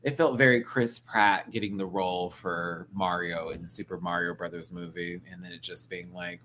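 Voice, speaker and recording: A man's voice: low-pitched, moderate pace, hardly any pauses, background noise. A man hosting a live stream, chatting casually and campily, reading the chat and mimicking people. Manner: animated and campy, mimics people, reads chat aloud. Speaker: live-stream show host.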